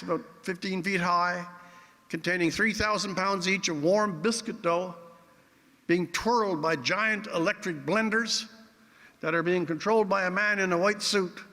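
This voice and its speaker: A man's voice: high-pitched, bright, forceful tone. A man giving a theatrical keynote speech full of wry anecdotes and rhetorical flourishes. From Newfoundland, Canada. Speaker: keynote speaker. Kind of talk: after-dinner speech with anecdotes. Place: large event hall. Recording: long hall reverb.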